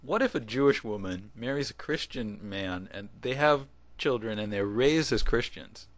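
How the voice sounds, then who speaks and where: A man with a fairly low voice talks casually into his webcam, rambling through his thoughts. He restarts his sentences often and chuckles along the way. The sound is dull and lo-fi, like a cheap built-in mic. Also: expressive, moderate pace, no echo. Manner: rambling, self-interrupting with chuckles. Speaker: video blogger. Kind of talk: casual video response.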